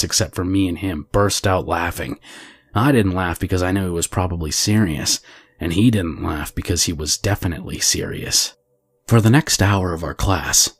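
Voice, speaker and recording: Deep-voiced man narrating a scary story. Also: husky. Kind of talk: scripted narration of a reader's true story.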